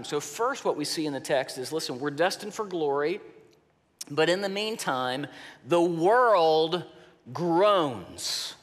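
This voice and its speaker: A male pastor delivers a sermon in an unhurried, measured way, letting his voice sink quiet to drive a point home. His voice sits a little high for a man. The long reverb of a large church sanctuary trails after every phrase. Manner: slow, deliberate preaching that drops soft for emphasis.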